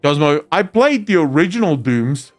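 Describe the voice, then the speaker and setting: A man's voice: on the high side, very animated, normal speed, no room sound, faint music behind. A man streaming live, reading viewer comments aloud and answering them in casual chat.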